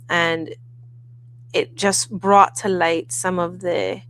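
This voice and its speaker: A woman co-hosting a late-night talk show, teasing and lively in banter, then earnest on serious topics. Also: on the low side, gravelly, poor audio. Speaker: podcast co-host.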